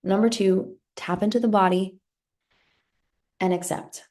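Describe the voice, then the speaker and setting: With a mid-range, a little mellow voice and fairly even intonation, a woman in her thirties talks a little slowly, leaving long pauses. She's a life coach and podcast host giving an earnest pep talk, repeating words and ending ideas with a rhetorical "right?".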